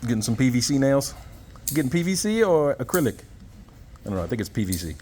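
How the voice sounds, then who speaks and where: A man with a mid-range, dark-toned voice talks fast with big pitch swings in a casual vlog. Candid and rambling, he sometimes speaks to a puppy while filming in Thailand, both indoors and out. Noisy street ambience fills the recording.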